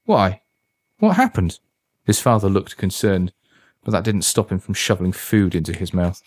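Low-voiced male storyteller. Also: fairly even intonation, a little fast, a little mellow, dry recording, clean studio sound. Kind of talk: storybook narration.

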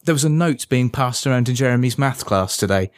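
A man's voice: medium pitch, expressive, a little fast, voice pushed up, close to an everyday voice. A man voicing a teenage girl who smugly teases her younger brother. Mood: gossipy. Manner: smug and teasing. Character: teasing teenage girl, smirking older sister.

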